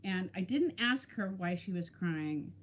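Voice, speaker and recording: A woman's voice: fairly low pitch, animated, unhurried, slight background noise. A woman in her fifties chatting casually on a live stream, telling stories and greeting viewers by name. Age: 50s. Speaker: weight-loss vlogger.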